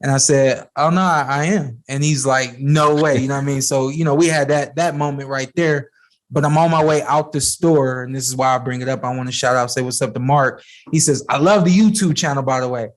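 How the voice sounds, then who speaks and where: A man's voice: medium pitch, fairly quick. A man hosting a podcast, telling a casual story and acting out what people said to him. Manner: storytelling, animated when quoting people. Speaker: podcast host, boxer. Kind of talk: casual chat.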